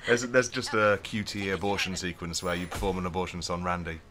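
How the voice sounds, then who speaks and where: A man's voice: sits low, fairly quick, a crowd in the background. A man game reviewer chatting casually, explaining things in a dry, matter-of-fact way. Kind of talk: casual chat.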